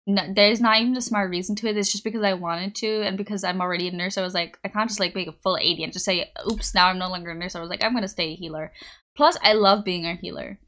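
A bubbly young woman streamer chats with her viewers from home, rambling and giggling as she reads their messages. Her voice sits at an ordinary middle pitch and comes through a desktop mic. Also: fairly even intonation, fast, fairly bright tone. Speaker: livestreamer. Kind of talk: casual chat with live chat. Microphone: desktop USB mic.

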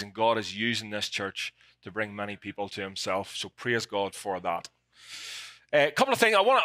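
Bright-voiced Irish pastor joking from the pulpit. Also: male voice, medium pitch, dry recording. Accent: Northern Irish. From Ireland. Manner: jokey, self-deprecating, emotional. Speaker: guest pastor. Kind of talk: sermon. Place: church sanctuary.

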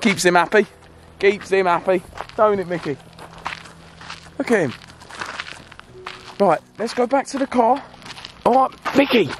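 A young man filming an acted vlog skit, shouting pleas and orders at a prankster, then calmly talking to his viewers. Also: high voice, unhurried, long pauses, noisy background. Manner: shouting pleas and commands, then calm to-camera wrap-up. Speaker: vlogger. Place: outdoors and in a car at night.

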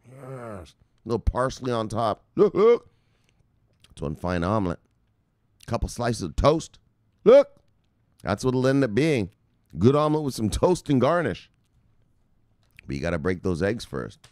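A man's voice: medium pitch, dry recording, clean studio sound. Profane, ranting male news host. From United States. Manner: loud, swearing, laughs at own jokes, swings from shouting to muttering.

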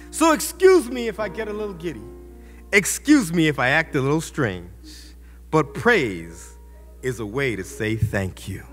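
A pastor preaches with a high, animated voice that swings widely and jumps to loud, ringing peaks. His impassioned delivery fills a church with a long reverb tail. Faint music plays underneath. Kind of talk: sermon.

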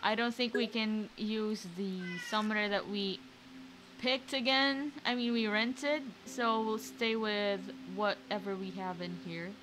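A woman's voice: medium pitch, measured pace, background noise. A woman, chatting and reacting aloud as she streams a card game from home. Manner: chatty, excitable, reacts aloud to each play. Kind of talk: live gameplay commentary.

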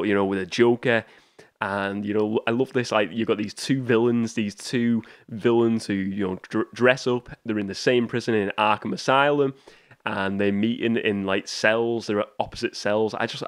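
A man's voice: fairly low pitch, dry recording, studio quality. A man hosting a podcast, talking casually and eagerly about a film. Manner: chatty, enthusiastic, many restarts and fillers. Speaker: podcast host. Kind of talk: casual film review talk.

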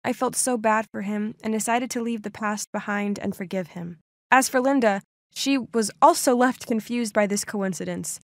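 A young woman tells her own story for an animated short, earnest and dramatic, her voice sitting high. The recording is dry and close, with no room around it. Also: no echo. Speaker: narrator. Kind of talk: first-person animated story narration.

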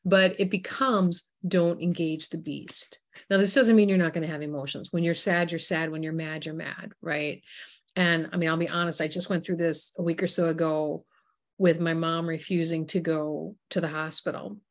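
A woman guest author in an interview, telling animated stories and acting out the voices of the people in them. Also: deep voice, normal speed. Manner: animated storytelling, acts out quoted voices. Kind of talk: interview conversation.

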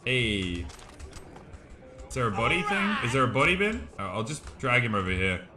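A man streaming a video game, giving casual, excitable commentary with frequent exclamations. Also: mid-range voice, moderate pace, over loud music. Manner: excitable, exclaims and laughs often.

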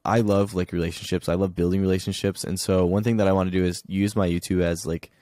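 A man's voice: sits low, flat delivery, fast talker, warm tone, dry recording, studio quality. A young man talking casually as a podcast guest from his childhood bedroom, laid-back and filling his speech with "like". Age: young adult.

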